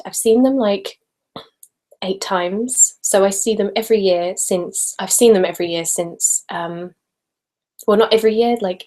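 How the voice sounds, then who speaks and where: A woman's voice: mid-range voice, a little mellow, low-quality recording. A young woman chats casually on a live webcam stream from a room at home. She speaks in her ordinary voice, not a whisper, and fills her talk with ums, likes and little laughs as she reads comments. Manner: chatty, giggly, many ums and likes. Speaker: ASMR channel host in live hangout.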